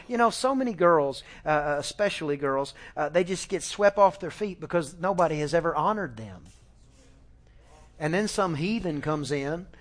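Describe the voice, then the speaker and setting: A middle-aged man preaching a sermon in a folksy, animated way, with fillers and restarts, sometimes acting out family conversations. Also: fairly high pitch. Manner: acts out family dialogue with shifting voices. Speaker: pastor.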